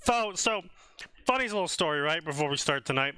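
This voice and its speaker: A man's voice: fairly high pitch, lively intonation, fairly quick, sharp tone, clean tone, no room sound. A young man from New Jersey with a Jersey accent, telling stories in casual stream banter, swearing freely and laughing often. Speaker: co-host.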